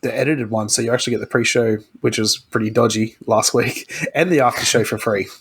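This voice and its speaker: A man's voice: medium pitch, steady tone, fairly quick, a bit bright, a little hiss or hum. A man co-hosting a podcast, chatting in a joking, teasing way. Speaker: podcast co-host. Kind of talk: casual podcast chat.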